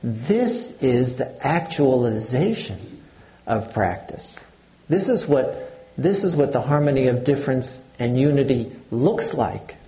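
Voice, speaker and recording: Older Zen teacher, dark mellow voice, unhurried and halting delivery. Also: male voice, mid-range voice, expressive, highs cut off, a little hiss or hum. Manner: slow, halting, with many fillers. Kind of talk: dharma talk.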